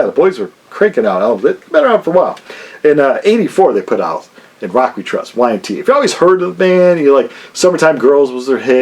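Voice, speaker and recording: A man's voice: on the high side, husky. A man hosting his own record-collecting channel, chatting casually and jokingly about a haul of CDs and vinyl, with lots of fillers. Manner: rambling and jokey, many fillers.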